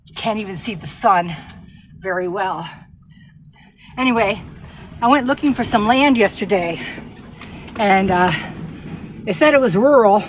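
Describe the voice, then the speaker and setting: Woman vlogger, casual rambling phone-to-camera chat, mid-pitched, recorded inside a bus with clear storm noise. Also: lively intonation, a little slow, long pauses. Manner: chatty, exclaiming, rambling asides. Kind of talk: casual vlog talk to camera. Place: inside a bus home during a sandstorm. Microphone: handheld phone.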